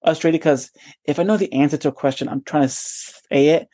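A man's voice: fairly high pitch, fairly even intonation, brisk, dark tone. A young man co-hosting a casual podcast. He stutters, keeps repeating words and swears freely. He laughs often while telling his stories. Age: young adult. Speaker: podcast co-host. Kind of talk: casual chat.

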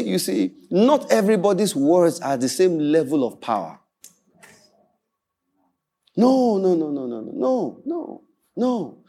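Male pastor, high and animated, playful sermon storyteller. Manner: animated storytelling preacher, acts out quoted voices, laughs often.

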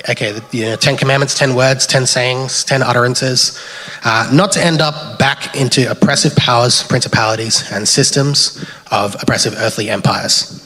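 A man with an Australian accent giving a relaxed, chatty sermon with slides, thinking aloud as he goes. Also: mid-range voice, normal speed. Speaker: preacher. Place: church hall. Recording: long hall reverb.

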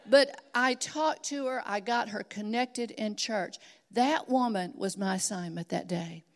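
A woman's voice: mid-range voice, unhurried. A middle-aged woman preaching a sermon, telling stories earnestly and building to emphatic exhortation.

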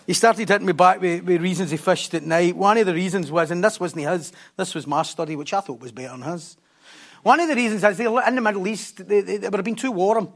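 A preacher with a fairly high voice delivers his sermon in a lively, conversational way. He breaks off for jokey asides and swings between hushed, quiet phrases and loud, excited stretches. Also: fast.

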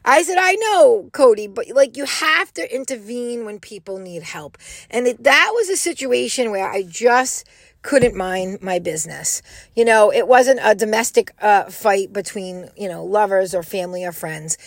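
A middle-aged woman telling a personal story in a casual, animated way, acting out what people said. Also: medium pitch, moderate pace, no echo. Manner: animated, quotes people in raised voices.

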